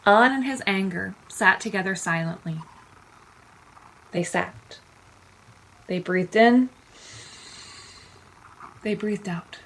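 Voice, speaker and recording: A woman teacher reading a children's picture book aloud, expressive and unhurried. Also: medium pitch, low-quality recording. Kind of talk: storytime read-aloud.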